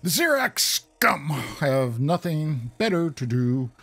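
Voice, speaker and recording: A man's voice: fairly high pitch, sing-song, pushed and bright, heavily acted. A man reading a dying infected prisoner. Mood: urgent. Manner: hurried, urgent read-aloud.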